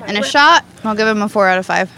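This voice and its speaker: A woman chatting casually as a guest, enthusiastic and quick to laugh. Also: medium pitch, expressive, bright, forceful tone, slight background noise. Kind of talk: casual chat.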